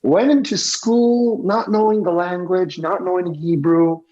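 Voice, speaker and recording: A man from South Africa, a DJ and dancer, telling his story in an energetic, chatty way during an interview. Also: high voice, measured pace, muffled recording. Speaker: guest, DJ and dancer. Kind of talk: casual interview answers.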